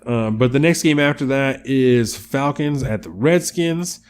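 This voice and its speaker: A man's voice: medium pitch, a little slow, clear, resonant tone. A man co-hosting a podcast, chatting casually and a bit profanely while he runs through his football picks and odds. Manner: profane, laid-back, reads off picks and odds. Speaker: podcast co-host. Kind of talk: casual sports chat.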